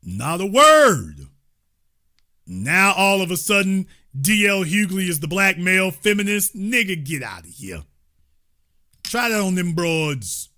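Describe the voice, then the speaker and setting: A man's voice: high voice, very animated, unhurried, pushed and bright. Heated, mocking male commentary host. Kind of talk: political commentary rant.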